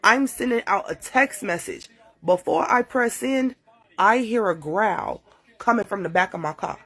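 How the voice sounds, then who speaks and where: A woman telling a dramatic story to her phone in a casual, profane and animated way. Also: medium pitch, a little slow, slightly rough. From Chicago. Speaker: TikTok storyteller. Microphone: phone mic.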